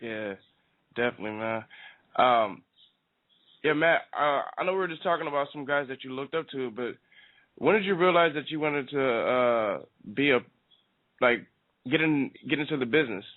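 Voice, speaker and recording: A man's voice: medium pitch, moderate pace, pauses often, no room sound. A male host of a radio talk show, chatting in a laid-back, casual way and swearing freely. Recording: dry, tinny phone-quality sound.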